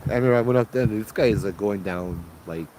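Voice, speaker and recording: A man, a ghost tour guide telling a story in an animated, casual way, acting out the people in it. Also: lowish voice, fast talker, very noisy. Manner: animated, acts out quoted voices.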